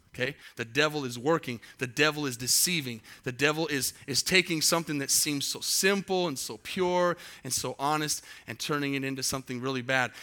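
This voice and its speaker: A man's voice: medium pitch, sharp tone. A middle-aged male pastor preaching a sermon, asking the congregation rhetorical questions and building in intensity.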